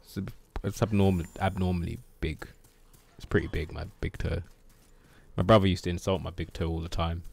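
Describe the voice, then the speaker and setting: A man streams a game with a lowish voice. He mutters to himself, curses often and grumbles through casual commentary. A faint hum of room noise sits behind him. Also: flat delivery, a little fast, vocal fry. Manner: frustrated, swears a lot, mutters to himself. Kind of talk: casual live gameplay commentary.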